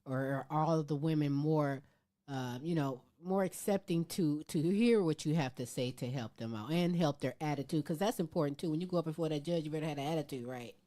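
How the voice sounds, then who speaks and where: A woman's voice: low voice, brisk, dark tone. A woman hosting a casual interview, chatty and encouraging, laughing often. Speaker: talk show host.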